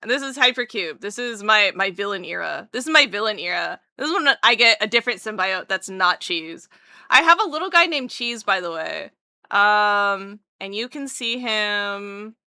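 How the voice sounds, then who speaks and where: A young adult woman livestreamer chatting casually with her viewers, bubbly and excitable, with jokey self-mocking asides and a voice that leaps up when she greets people. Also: mid-range voice, moderate pace, smooth, no echo, studio quality. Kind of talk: casual chat with live viewers.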